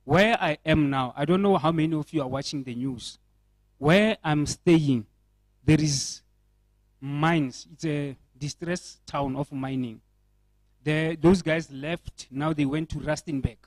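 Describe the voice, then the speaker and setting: A man's voice: a little high, no echo, poor audio. Earnest South African man, dry sound. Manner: earnest, repetitive restarts, rhetorical questions. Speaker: panel speaker. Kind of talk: panel discussion remarks. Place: indoor event.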